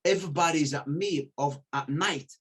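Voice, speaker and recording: A middle-aged man telling stories in casual chat, animated, acting out the voices of the people he quotes and swearing freely. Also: fairly high pitch, moderate pace, husky. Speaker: podcast guest telling stories.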